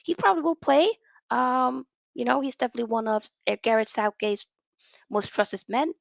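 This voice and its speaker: A woman hosts a casual livestream and gives her opinions bluntly, in slang. Her voice sits a little high and carries a gravelly fry. The sound is dry, with no room echo. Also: animated, a little fast. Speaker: host reading viewer comments.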